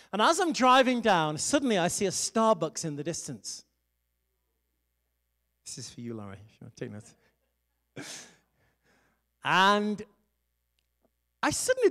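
This middle-aged evangelist and pastor has a slightly high, fairly bright voice. He preaches conversationally, sharing a personal story and laughing now and then.

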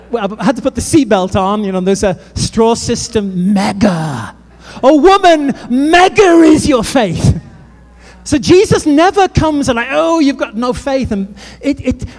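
British man, preacher, high voice, humorous storytelling sermon, long hall reverb. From Britain. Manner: lively storytelling with humor and asides to the crowd.

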